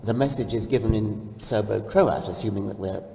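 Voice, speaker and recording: A man speaking on stage in a public discussion, explaining ideas in a measured, precise way. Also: fairly low pitch, vocal fry, mellow. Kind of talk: thoughtful onstage discussion. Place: large hall, in front of an audience. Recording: roomy hall, distant mic.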